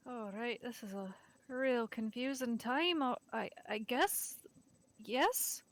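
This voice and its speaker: A woman's voice: a little high, slow. A woman playing a tabletop game, reacting in a casual, bemused way. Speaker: player.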